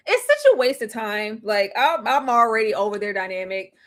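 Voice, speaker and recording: Sassy woman co-host, high and animated delivery, mocking impressions. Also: normal speed, slight background noise. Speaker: co-host of a reality show recap. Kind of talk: casual live-stream commentary.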